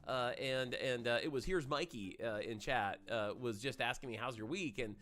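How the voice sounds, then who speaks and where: A man in his forties from Maine hosts a gaming livestream, rambling through chatty stories in casual talk. His FM-radio-trained voice is medium in pitch, fairly bright and at a normal speed.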